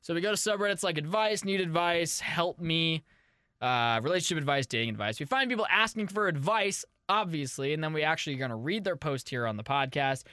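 A young man hosts a comedy advice podcast, his voice bouncing up and down as he rattles on with profane jokes. The tone is bright and forward, caught close on a dry studio mic. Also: a little high, animated, clear, resonant tone, no room sound. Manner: quick, joking and profane, with frequent laughs. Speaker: podcast host. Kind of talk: casual comedic podcast chat. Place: radio station studio.

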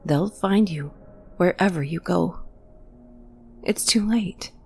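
A woman's voice: fairly low pitch, slow pace, gravelly, darkish tone, husky, faint music behind, voice pushed up, full character voice. A woman voicing a frightened, superstitious young adult sister who talks urgently and drops into tense whispers.

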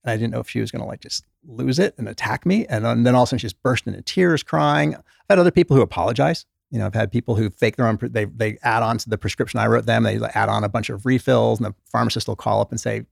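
A middle-aged former doctor, now an author, appears as a guest in an interview and tells stories in a conversational way, animatedly acting out the voices of the patients he quotes. His voice is medium-pitched and creaky, and he talks at a quick pace. The studio sound is clean, with no room sound.

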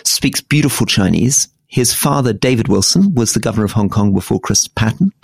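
A middle-aged man with a low, gravelly voice talks through politics in a measured, explanatory way, restarting his sentences now and then. The sound is dry and close. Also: animated, dry recording. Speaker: podcast co-host. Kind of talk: casual political discussion.

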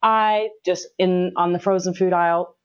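A woman's voice: fairly low pitch, fairly even intonation, moderate pace, clean tone. A middle-aged woman telling a personal story in conversation, earnest, with many restarts. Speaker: guest. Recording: slightly dull lo-fi sound.

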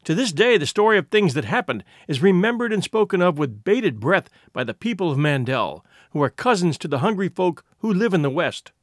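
Male audiobook narrator, measured and expressive, slightly higher voice. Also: no room sound, clean studio sound.

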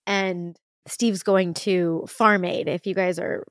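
A woman's voice: lowish voice, fairly even intonation, slow, fairly bright tone, dry recording. A woman in her thirties hosting a candid solo podcast, talking in an emotional, rambling, self-deprecating way and swearing casually, close to the mic. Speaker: podcast host.

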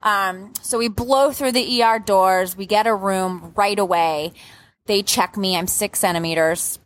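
Animated woman telling a story, dry sound. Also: a little slow, no room sound. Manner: animated, swears freely, shifts pitch a lot when telling the story. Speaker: podcast guest. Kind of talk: casual storytelling.

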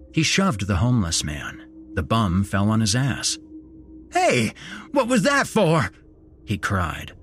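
A man narrating a horror story in a slow, measured storytelling manner as podcast host. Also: lowish voice, slight background noise.

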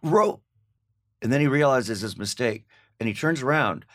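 An older man, a guest actor, telling candid anecdotes in an interview, animated and laughing, slipping into voiced quotes. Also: mid-range voice, a little fast.

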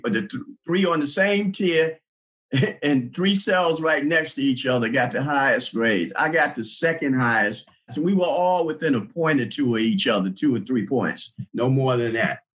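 A man's voice: fairly high pitch, expressive, measured pace, a bit bright, soft background music, poor audio. Older man recounting his past. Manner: conversational, with frequent restarts and chuckles. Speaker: interviewee. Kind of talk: recalling his past in an interview.

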